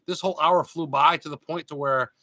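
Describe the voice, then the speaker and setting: Male host in his forties, fast rambling chat, slightly high, dry close mic. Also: dry recording, muffled recording. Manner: excitable, swears a lot, fast rambling. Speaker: podcast host. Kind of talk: casual chat. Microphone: video call.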